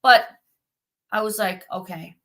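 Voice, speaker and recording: A middle-aged woman, a psychic medium guest, telling her story in an interview with animated quoting. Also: measured pace. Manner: animated, acts out quotes in a high voice.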